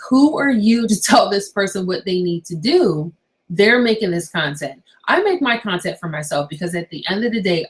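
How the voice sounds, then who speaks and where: A young woman talks to her viewers in a casual, animated vlog recorded in her bedroom at night. Her voice sits a little low for a woman, and she keeps tossing rhetorical questions at her audience. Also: poor audio. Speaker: YouTuber.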